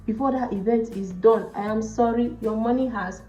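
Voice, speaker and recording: A young woman with a Nigerian accent tells stories from her work as a makeup artist, lively and full of character voices. Her voice sits mellow and warm, recorded in a roomy space with a slightly dull sound. Soft music plays faintly behind her. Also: fairly high pitch, moderate pace. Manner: animated, acts out the people in her stories. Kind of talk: storytelling chat to camera.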